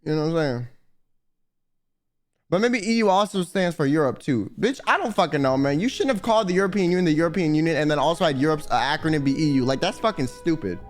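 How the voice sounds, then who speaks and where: A man's voice: fairly high pitch, lively intonation, fast talker. A young American man streaming, arguing with his chat in a profane, combative way. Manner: profane, argumentative, answering chat. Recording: music playing behind.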